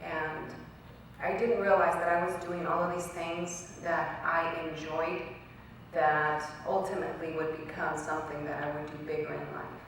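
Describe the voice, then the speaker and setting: A woman's voice: low-pitched, level tone, moderate pace, a bit bright, a little hiss or hum. A young woman giving a personal speech as a guest speaker, telling her story earnestly and acting out quoted dialogue. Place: college event hall. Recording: very echoey hall recorded from far off.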